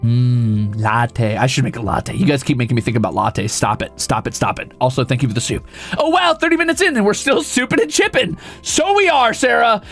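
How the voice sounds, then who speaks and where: A young man streaming casually, reading viewer comments aloud and ranting with lots of swearing, flipping between outrage and mock calm. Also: mid-range voice. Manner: profane, excitable ranting that swings to mock calm.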